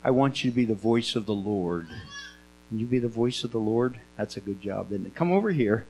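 A man telling a Bible story to children in a gentle manner, coaching them through acting it out. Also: fairly low pitch, expressive, fairly quick, slight background noise, poor audio. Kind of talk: interactive story lesson.

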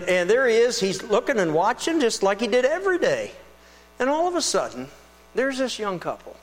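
A male pastor giving a conversational, animated sermon, retelling a scripture scene. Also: high-pitched. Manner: conversational, animated storytelling with restarts. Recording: reverberant hall with mains hum.

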